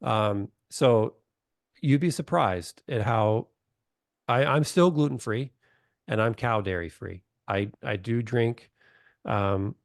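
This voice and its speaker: A middle-aged doctor joins a casual webinar over a video call as a guest, speaking bluntly in a lowish, creaky voice at a slow pace. He tells stories and acts out what people said, captured in clean studio sound with no echo.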